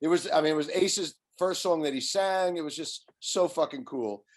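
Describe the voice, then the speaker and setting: A man chatting casually as a guest, excited and repeating words as he starts his sentences. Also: on the high side, moderate pace. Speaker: guest musician. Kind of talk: casual chat.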